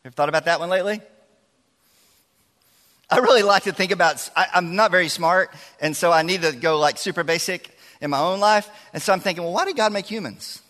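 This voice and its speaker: A man preaching as a youth pastor, his voice bright and forceful and a little high. He keeps it chatty and lively, joking with the crowd. His voice rings out with a long reverb through a large church hall. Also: fairly quick. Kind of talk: sermon.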